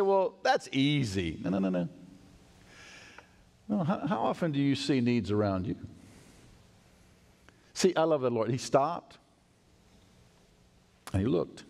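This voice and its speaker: A male pastor preaching a sermon in a church, animated and acting out the voices of people in the story. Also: medium pitch, moderate pace, creaky, pauses often. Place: church sanctuary. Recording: long church hall reverb.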